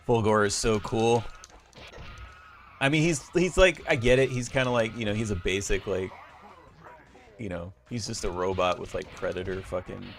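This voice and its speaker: Male streamer, profane gameplay commentary, slow gravelly delivery broken by high yelps, game music behind. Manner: profane trash talk, frequent yelps and laughter. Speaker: streamer playing a fighting game. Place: small hot office corner.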